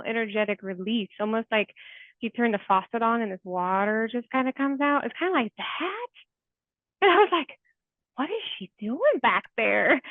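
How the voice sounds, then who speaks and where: Speaking on the high side, this therapist, a woman in her forties, shares heartfelt stories as a guest in a conversational interview, full of "like" fillers. The remote call sounds tinny and phone-like, though without echo.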